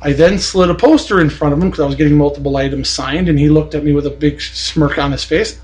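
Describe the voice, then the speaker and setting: A man's voice: a little high, steady tone, fast talker, a little mellow, soft background music, poor audio. A man on a podcast telling a long, indignant story in a blunt, profane, casual way. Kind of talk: casual ranting anecdote.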